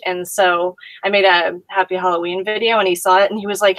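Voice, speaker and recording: A woman talks about her film work in a relaxed, chatty way, laughing often and slipping into quoted voices. Her voice sits in a middle range and sounds dry and close. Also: medium pitch, brisk, dry recording, poor audio. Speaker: actress guest. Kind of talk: casual interview chat.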